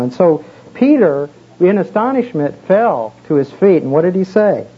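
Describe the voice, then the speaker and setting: A man's voice: high voice, big pitch swings, normal speed, husky. A man preaching a casual sermon, telling a personal story in a folksy, conversational way with many fillers. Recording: muffled with faint background hiss.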